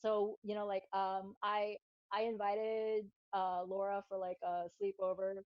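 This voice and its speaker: A woman chatting casually as a guest, telling stories in an animated way. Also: medium pitch, unhurried, clean tone, no echo, dull audio. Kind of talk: casual chat.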